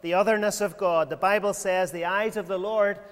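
A man preaching a sermon in a measured way, full of rhetorical questions and repeated phrases. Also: high-pitched, fairly even intonation. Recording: long hall reverb.

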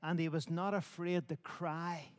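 A man preaching a sermon in measured, emphatic phrases built on repetition. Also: a little high, steady tone, big-room sound. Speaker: pastor.

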